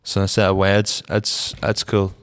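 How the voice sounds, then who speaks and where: A young man with a Northern Irish accent co-hosting a casual car podcast, rambling in a relaxed way, trailing off softly, and feeling cold. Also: low voice, a little slow, smooth. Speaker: podcast co-host. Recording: long reverb.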